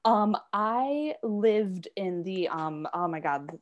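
A woman's voice: medium pitch, animated, slow pace, lo-fi sound. A young woman, a podcast guest, who reads a poem aloud and then chats casually, laughing often and using lots of fillers. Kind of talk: poetry reading and casual chat.

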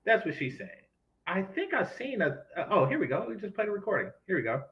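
A man's voice: high-pitched, sing-song, fast talker, muffled recording. A man ranting in sarcastic, profane commentary as he reacts to news clips. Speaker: commentary host.

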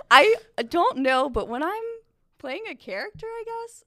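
A woman's voice: high-pitched, big pitch swings, slow, a bit bright, dry recording, clean studio sound. A young woman answering interview questions as a church intern, earnest and hesitant, often trailing off.

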